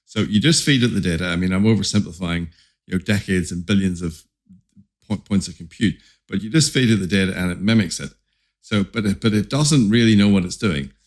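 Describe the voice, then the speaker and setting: A man's voice: low-pitched, a little fast. A company founder talking as a podcast guest in casual interview style, often restarting and repeating words as he explains.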